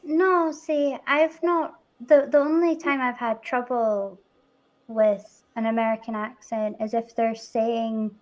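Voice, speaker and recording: A woman hosting a casual chat, telling stories in an animated way with laughter. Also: a little high, slow, highs cut off. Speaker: host.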